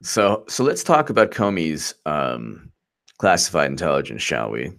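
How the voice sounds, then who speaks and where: A man's voice: extremely low pitch, sing-song, unhurried, vocal fry, fairly bright tone. A man hosting a live-streamed political commentary show, rambling and mocking as he laughs often.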